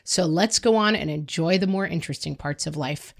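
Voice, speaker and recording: A woman's voice: low-pitched, brisk, gravelly. A woman in her fifties, a podcast host giving frank, conversational advice in answer to a listener question. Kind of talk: casual advice talk.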